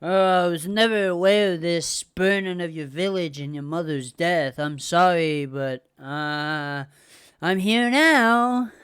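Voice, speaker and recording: An evasive middle-aged father who makes flustered excuses. A woman quotes him without much of a put-on voice. He comes across as defensive and slow-spoken. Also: sits low, fairly even intonation, clear, resonant tone, dry recording, clean studio sound, pitched below the performer's own voice. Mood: apologetic.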